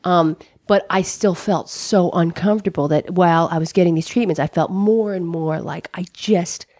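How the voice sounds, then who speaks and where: A woman's voice: fairly low pitch, normal speed, darkish tone, dry recording, studio quality. A middle-aged American woman telling a personal story, candid and profane, with lots of "like" and "you know". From United States. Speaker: comedian guest.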